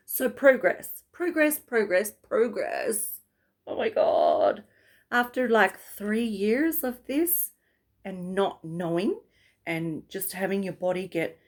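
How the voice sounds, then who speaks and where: A woman vlogger talking casually to camera, rambling and chatty, breaking into laughs often. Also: medium pitch.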